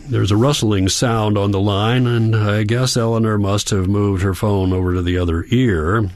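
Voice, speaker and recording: An audiobook narrator with a very low-pitched voice delivers a first-person novel calmly and with measured reflection. Close to the mic, the sound is dry and carries no room ambience.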